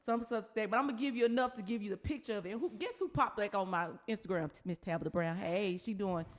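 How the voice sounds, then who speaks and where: A woman hosting a podcast in casual chat, telling a story with animated energy and frequent laughter. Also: medium pitch, fast talker. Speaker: podcast host.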